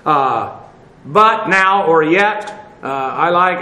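Man, bible study teacher, fairly high voice, spells greek words, echoey room. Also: lively intonation, very slow, sharp tone. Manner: spells out Greek words letter by letter, frequent uh fillers. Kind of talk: verse-by-verse Bible study lesson.

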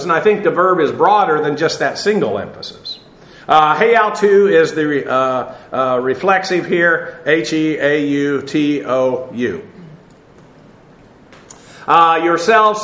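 A man teaching a Bible lesson in sermon style, explaining Greek words slowly with many filler sounds. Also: a little high, fairly bright tone. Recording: echoey room sound.

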